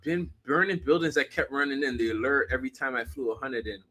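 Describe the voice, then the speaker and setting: A man with the hiccups reacting to a song on a live stream, with loud exclamations and laughter. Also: medium pitch, fast talker. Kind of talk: excited live music reaction chat.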